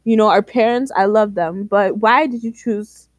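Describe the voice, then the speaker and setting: A woman's voice: mid-range voice, moderate pace, no room sound. A young woman co-hosting a podcast in casual chat, laughing often and exclaiming. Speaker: podcast co-host.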